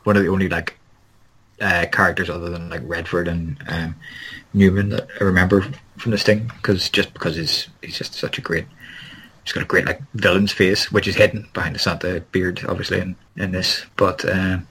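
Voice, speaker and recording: A man's voice: deep voice, little pitch movement, moderate pace, fairly bright tone, a little hiss or hum, low-quality recording. A man in a casual film podcast chat, rambling and searching for words and swearing now and then. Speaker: podcast co-host.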